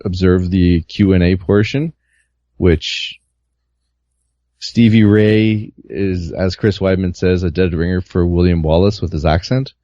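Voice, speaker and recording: A man with a low, dark voice talks through his reporting week in a loose, meandering way, full of "uh"s. The audio is muffled and lo-fi, with a dry sound. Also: a little slow, dry recording. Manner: relaxed, rambling with many fillers. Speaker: guest reporter. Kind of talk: casual podcast recap.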